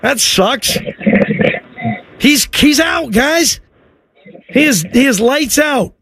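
A man hosting a sports talk radio show, talking loosely and excitably and joking with callers. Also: very high-pitched, slow, creaky, dry recording.

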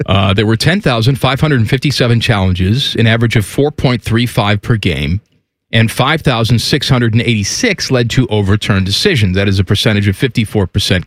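A man co-hosting a casual sports radio show, reading out stats and throwing in blunt, deadpan wisecracks. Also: fairly low pitch, dry recording, studio quality.

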